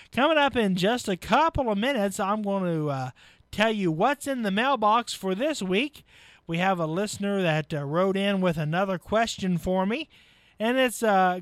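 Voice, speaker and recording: A man hosting a live local radio show, casual and folksy, chuckling, with filler pauses. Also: high voice, no room sound. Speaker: radio host. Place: radio studio.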